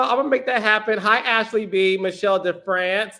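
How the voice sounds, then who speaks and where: A man's voice: sits high, brisk, bright, forceful tone. A man hosting a live stream, reading out viewer comments in a sassy, playful way and calling people honey and child. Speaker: podcast host.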